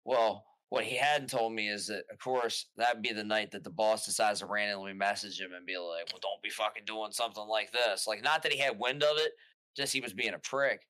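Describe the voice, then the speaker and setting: Forceful, rambling male podcast guest. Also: on the low side, fairly quick, dry recording. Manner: rambling, animated, restarts often while retelling quotes. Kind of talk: casual storytelling chat.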